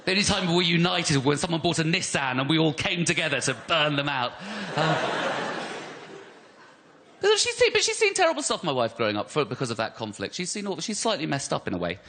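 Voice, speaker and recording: Animated English comic with a lively voice. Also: male voice, fairly high pitch, fast, few pauses. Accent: English, West London. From England. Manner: animated, self-mocking, mock-outraged rants. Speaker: stand-up comedian. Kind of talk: stand-up comedy set. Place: live comedy venue. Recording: noisy live comedy recording. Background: audience laughter.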